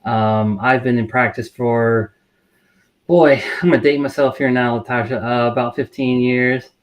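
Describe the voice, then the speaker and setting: A middle-aged man with an even, monotone voice speaks as a guest on a talk show. He explains himself in a measured way, pausing often with ums and uhs and restarting his sentences. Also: medium pitch. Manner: measured, many fillers and restarts. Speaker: mental health counselor. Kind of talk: interview guest.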